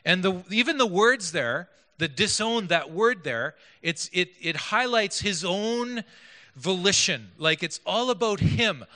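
A male preacher gives a sermon with a bright, forceful voice that sits a little high. He speaks conversationally, putting questions to the congregation and making joking asides. The sound carries a long echo from a large hall. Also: expressive, normal speed. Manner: conversational, asks the audience questions, self-deprecating asides. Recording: echoey hall.

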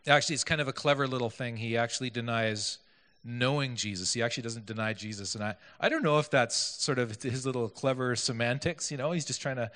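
Bright-voiced preacher in an echoey hall. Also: male voice, mid-range voice, a little fast. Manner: conversational, asks the audience questions, self-deprecating asides. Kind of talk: sermon.

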